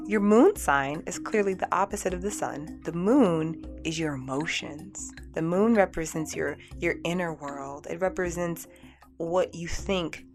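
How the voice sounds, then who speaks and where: Low-voiced chatty woman radio host. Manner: chatty, upbeat, full of "like" and restarts. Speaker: radio show host and energy healer. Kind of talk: casual talk radio monologue.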